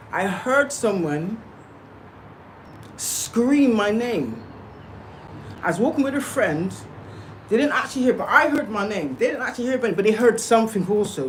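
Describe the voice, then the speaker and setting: Over poor audio with slight background noise, a spiritual livestreamer with a fairly high-pitched voice talks straight to her viewers. Her casual monologue is emphatic and insistent, punctuated by frequent "okay?" and "yeah?" check-ins.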